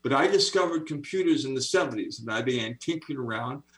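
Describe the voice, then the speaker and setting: A man's voice: mid-range voice, quick pace, rough recording. A man in his seventies telling stories with enthusiasm as an interview guest on a video call. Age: 70s. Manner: enthusiastic, animated storyteller. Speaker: author and speaker, interview guest. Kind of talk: interview storytelling.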